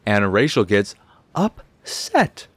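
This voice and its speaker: A man hosting a game review who rants in a sarcastic, profane and animated way. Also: lowish voice, slow, slightly rough.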